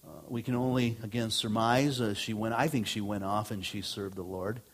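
A middle-aged man, a pastor, preaching a sermon in a conversational way, rising on emphatic lines and dropping low on asides. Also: fairly even intonation, moderate pace.

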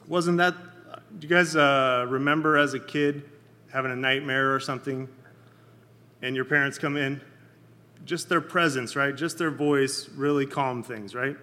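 A man leading a Bible study in a casual, conversational sermon, often checking in with his listeners and pausing with fillers. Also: fairly high pitch, sharp tone, big-room sound. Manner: halting, many fillers and restarts.

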